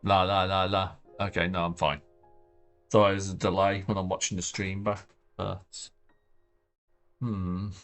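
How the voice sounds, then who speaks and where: A man's voice: low-pitched, flat delivery, a little slow, long pauses. Rambling man streaming his art. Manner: rambling, thinking aloud with soft trailing phrases. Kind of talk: casual livestream chat while drawing. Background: faint background music.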